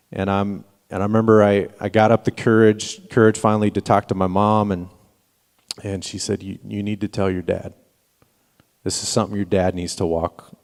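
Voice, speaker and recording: A man's voice: fairly low pitch, dark tone. A middle-aged man preaching a sermon as pastor, telling personal stories earnestly and often restarting his sentences. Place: church sanctuary. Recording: long reverb of a church hall.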